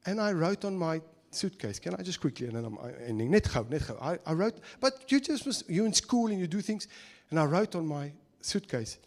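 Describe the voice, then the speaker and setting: South african pastor guy, kinda high voice, tells stories laughing, drops afrikaans words. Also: very animated, fairly quick. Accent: South African English. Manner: storytelling, laughing, switching into Afrikaans phrases. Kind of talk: sermon with personal stories. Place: church service.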